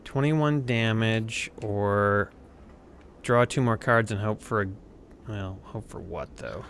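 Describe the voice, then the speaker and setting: A man's voice: on the low side, slow, fairly bright tone, slight background noise. A man chatting on a game stream, teasing his friends and muttering to himself as he plays cards. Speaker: show regular, playing a card game. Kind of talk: casual chat and play-by-play of his game.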